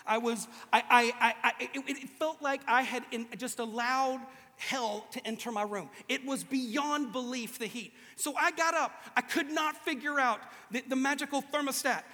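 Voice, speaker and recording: A man preaching a humorous sermon to a live audience, animated and joking, acting out the voices he quotes. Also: very high voice, moderate pace, in a large hall. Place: large hall with an audience.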